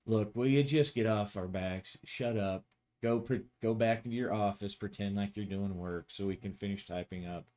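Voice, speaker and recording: A man voicing a weary male veteran police officer who talks in a flat, blunt, tired way, in a solo tabletop game. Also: moderate pace, natural voice. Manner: flat, tired, low-key.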